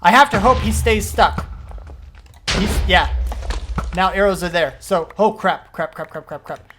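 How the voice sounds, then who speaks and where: A man commenting on his own gameplay as he plays, rambling through explanations and breaking into panicky, excitable outbursts. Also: sits high, unhurried, slight background noise. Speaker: gaming video host.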